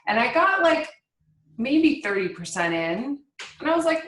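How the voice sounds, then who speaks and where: A woman hosting a casual book chat, talking in a chatty, expressive and animated way. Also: sits high, unhurried, reverberant, rough recording. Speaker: podcast host.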